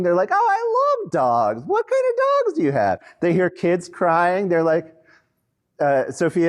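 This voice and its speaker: Animated man giving a conference talk. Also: mid-range voice. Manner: animated storyteller with quick quoted asides. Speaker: speaker on customer service.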